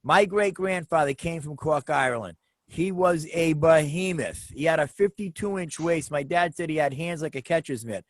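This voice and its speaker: A middle-aged man co-hosts a relaxed chat and spins family stories with animated energy. His voice sits a little high and sounds dry and close. He stacks up repeated words for emphasis. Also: moderate pace, no room sound. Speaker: co-host. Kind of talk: casual chat, storytelling.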